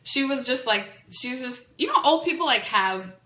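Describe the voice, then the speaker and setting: A woman's voice: high voice, moderate pace. A woman hosting a podcast, telling a dating story in a chatty way, full of "like"s. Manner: chatty, animated, many "like"s. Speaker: podcast host. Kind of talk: casual storytelling. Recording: echoey room.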